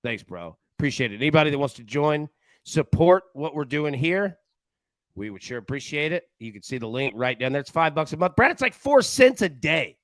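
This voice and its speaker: A man's voice: mid-range voice, expressive, fairly quick, no room sound. A man hosting a live sports betting show in casual chat, jokey and rambling, laughing often.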